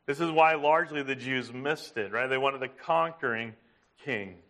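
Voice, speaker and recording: A man preaching a sermon, emphatic, asking his listeners questions and slowing down to stress a point. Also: medium pitch, a bit bright. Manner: emphatic, asks the congregation questions. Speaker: pastor.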